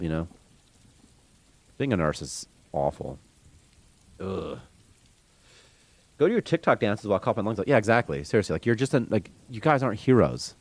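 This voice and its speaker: On a live stream about game development, a man with a low-pitched voice rambles casually, airing strong opinions and reading chat comments aloud. There is no room sound.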